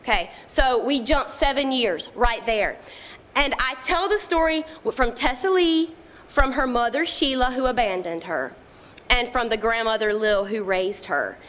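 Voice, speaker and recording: A woman author talks about her novel in a plain, conversational way, then reads passages from it aloud. Her voice sits a little above the usual pitch. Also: lively intonation, measured pace, a bit bright. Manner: conversational, explains plainly before reading.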